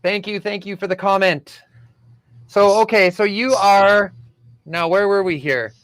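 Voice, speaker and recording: A man hosts a live-streamed podcast in an easygoing manner, reading viewer comments aloud and prompting his guest. His voice sits somewhat high for a man. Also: measured pace, a bit bright. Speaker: podcast host. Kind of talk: live-stream interview hosting.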